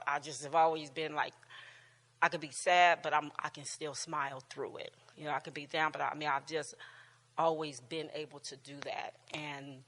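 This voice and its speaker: A woman in her sixties talks casually to a church class, laughing easily and tripping over her own sentences. Her voice is bright and a little tense. A long hall reverb trails behind her words. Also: sits low. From United States. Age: 60s. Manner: chatty, laughing often, warm storytelling with many restarts.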